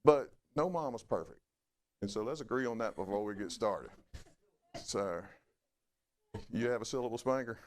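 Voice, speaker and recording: A man's voice: normal speed, pauses often. A middle-aged man preaching a sermon in a folksy, conversational way. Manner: folksy, conversational preaching with lively swings in pitch. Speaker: pastor.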